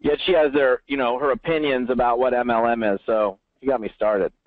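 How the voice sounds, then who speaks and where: A man telling stories in an animated way during an interview, acting out the voices of people he quotes. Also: medium pitch, brisk, no room sound. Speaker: network marketing trainer, guest. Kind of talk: storytelling interview answer. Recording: tinny phone line.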